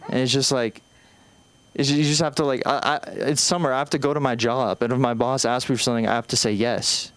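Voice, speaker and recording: Smooth-voiced young man doing stand-up. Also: medium pitch, steady tone, a little fast, fairly bright tone, no echo. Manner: anxious, self-deprecating, rambling with restarts. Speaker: stand-up comedian. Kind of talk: open-mic stand-up set. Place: small comedy club stage.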